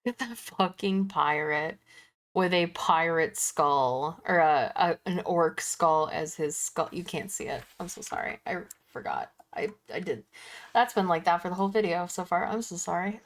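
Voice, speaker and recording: A woman's voice: fairly low pitch, moderate pace. A woman streamer giving casual, joking reaction commentary, swearing freely.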